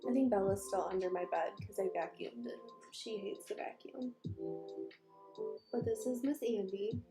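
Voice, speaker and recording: A woman's voice: medium pitch, normal speed. A woman chatting casually on a makeup livestream, rambling and groping for words while talking to viewers and her cats. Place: small room at home. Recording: echoey room with background music. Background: background music.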